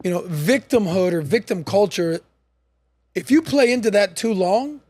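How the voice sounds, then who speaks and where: A man with a high, bright-sitting voice hosts a casual podcast conversation. He tells his stories with animation, slips into other people's voices and swears freely. The sound is dry and close. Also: animated, normal speed, dry recording. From United States. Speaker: podcast host.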